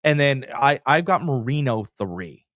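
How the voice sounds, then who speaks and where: A man co-hosting a sports podcast, telling stories in a loose, animated way with frequent restarts. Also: medium pitch, a little slow, dry recording, clean studio sound. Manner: animated storyteller, trails off and restarts. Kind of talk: casual sports chat.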